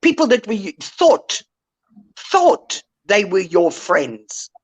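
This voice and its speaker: Older woman host, slow and animated, scolding tone on an online call. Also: mid-range voice, husky. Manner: indignant, lecturing rant. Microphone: online call mic.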